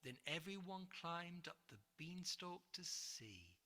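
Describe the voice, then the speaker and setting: A narrator giving an expressive, animated storybook read-aloud. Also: mid-range voice, takes it slowly. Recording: reverberant room, soft music.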